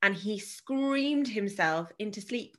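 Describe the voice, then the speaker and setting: A woman's voice: mid-range voice, lively intonation, slow, fairly bright tone. A woman in her thirties with an English accent, chatting casually about parenting, telling stories and laughing often. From England.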